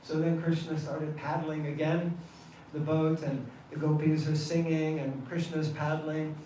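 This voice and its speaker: A man telling a devotional story to a temple gathering in an animated, laughing way. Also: on the high side, measured pace. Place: temple hall. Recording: echoey hall, distant mic, faint noise.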